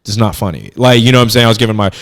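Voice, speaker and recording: Profane rambling comedian coaching a friend. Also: male voice, fairly low pitch, very fast. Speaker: comedian and podcast host. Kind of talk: casual chat.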